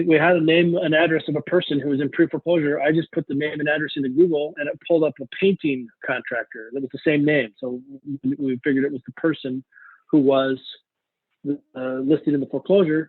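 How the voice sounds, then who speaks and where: Man, instructor, casual rambling seminar talk, self-correcting, somewhat high voice, dry close sound, phone-quality audio. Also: no room sound. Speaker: real estate investing instructor. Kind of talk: live online seminar talk.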